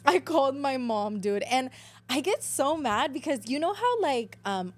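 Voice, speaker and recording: A woman's voice: sits high, a little slow. Bilingual young woman telling a story. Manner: animated storytelling, swears freely, acts out quotes; switches between English and Spanish. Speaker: guest. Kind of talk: casual chat.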